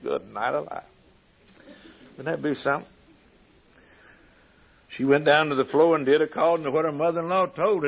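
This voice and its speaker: A man preaching a sermon with fervent delivery, swinging from loud emphasis to hushed lines. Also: fairly high pitch, slightly rough, rough recording.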